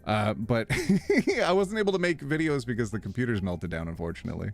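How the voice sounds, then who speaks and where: A man's voice: medium pitch, fairly quick, gravelly. A man live streaming, chatting casually with viewers, reading their messages aloud and laughing often. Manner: animated, reads chat aloud and laughs a lot.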